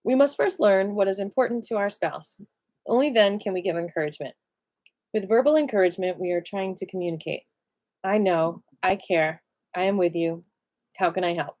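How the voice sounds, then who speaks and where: A woman's voice: medium pitch, moderate pace, darkish tone. A tired woman reading a self-help book aloud on a live stream, breaking off now and then for chatty asides. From American.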